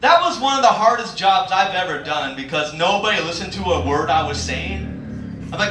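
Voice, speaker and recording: A man's voice: high-pitched, expressive, fairly quick, soft background music. A man performing a stand-up comedy set, acting out the voices of people in his stories. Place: comedy club stage. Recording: echoey club, mic far, loud crowd laughter.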